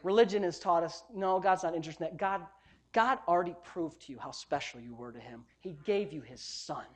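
Animated man preaching a sermon. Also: a little high, a little fast. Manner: animated storytelling, swings between loud bursts and hushed asides. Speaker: pastor.

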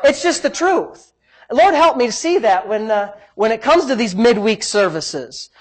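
A male pastor with a high, expressive voice preaches at a measured pace. His sermon is emphatic and repetitive, and he keeps breaking in with "praise God."

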